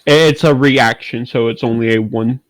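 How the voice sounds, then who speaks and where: A man playing a tabletop game, explaining rules in a halting, casual way. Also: medium pitch, fairly even intonation, no echo, poor audio. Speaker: player.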